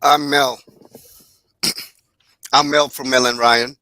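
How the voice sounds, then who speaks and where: Male caller, Caribbean accent, bright dry sound, halting delivery. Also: medium pitch, level tone, no room sound. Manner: halting, restarts his sentences. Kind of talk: casual call-in chat.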